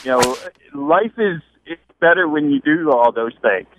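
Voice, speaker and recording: A man's voice: a little high, lively intonation, a little slow, noisy background. A man calling into a radio show, speaking in an easygoing, matter-of-fact way over the phone. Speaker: caller. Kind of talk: call-in radio chat. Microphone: telephone. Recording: dull phone-line audio.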